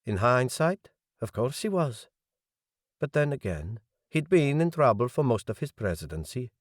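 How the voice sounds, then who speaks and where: A male audiobook narrator playing a grieving young man who speaks in a measured, rueful way. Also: medium pitch, big pitch swings, no room sound, studio quality, pitched above the performer's own voice. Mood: guarded. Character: young adult man, grieving politician's son, guarded.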